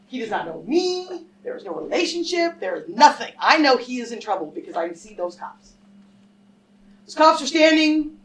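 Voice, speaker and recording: A woman speaking at a public lecture, her voice sitting a bit high for a woman. She talks emphatically and directly, checking in with her audience with short questions. She is picked up from a little way off the mic, with a faint hiss in the background. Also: a bit bright, distant mic, low-quality recording. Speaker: scholar giving a talk. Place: lecture hall with a live audience.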